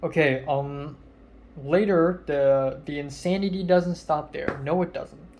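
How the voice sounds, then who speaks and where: A man's voice: on the high side, measured pace, darkish tone. A nineteen-year-old man, a film student, casually retelling a social outing in a rambling way, full of fillers and quoted dialogue. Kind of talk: casual vlog storytelling.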